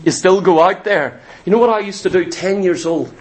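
A man's voice: high voice, fairly quick, a little mellow. A man preaching a sermon emphatically, acting out the voices he quotes. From Ireland. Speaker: pastor.

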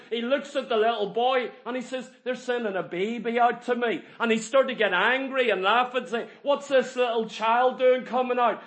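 A man with an extremely high-pitched voice preaches a sermon to a congregation. He is emphatic, fires off rhetorical questions, and builds to loud peaks.

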